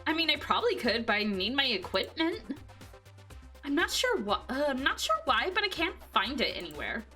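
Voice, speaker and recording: A woman's voice: high voice, very animated, moderate pace, sharp tone, faint music behind, full character voice. Woman doing a shy stammering bookish girl. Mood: unsure. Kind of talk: visual novel voice acting.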